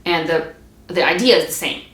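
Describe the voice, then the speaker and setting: Woman music teacher, lowish voice, patient step-by-step explainer, echoey room. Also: moderate pace, a bit bright, slight background noise. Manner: explains patiently, demonstrates between phrases. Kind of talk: instrumental practice lesson. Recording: echoey room with string playing. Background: bowed string instrument between lines.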